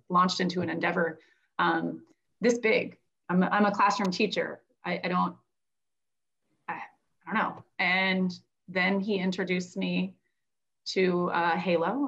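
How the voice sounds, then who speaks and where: During a livestreamed book launch, a Florida children's book author and classroom teacher shares her story with animation, acting out quotes and using lots of fillers. Her voice is lowish and creaky with a fairly bright tone, and the recording has its highs cut off.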